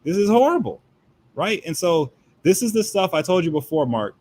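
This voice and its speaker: Emphatic, fast-questioning male commentator. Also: high voice, big pitch swings, darkish tone. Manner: emphatic, fires rhetorical questions. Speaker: guest commentator. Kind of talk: heated political commentary.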